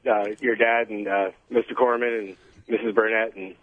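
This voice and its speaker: A man's voice: lowish voice, flat delivery, normal speed, no room sound. A man calling into a radio show, chatty and complimentary. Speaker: radio caller. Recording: thin phone line.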